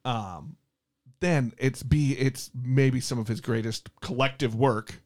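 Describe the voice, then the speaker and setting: A man's voice: mid-range voice, slow pace, a little mellow. A man hosting a casual interview, asking playful questions with frequent restarts. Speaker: host.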